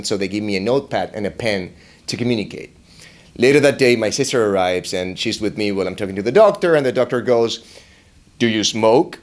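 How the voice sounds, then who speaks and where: Recounting something that happened to him, a young man pokes fun at himself dryly and shifts into a high, excited pitch each time he quotes his own words.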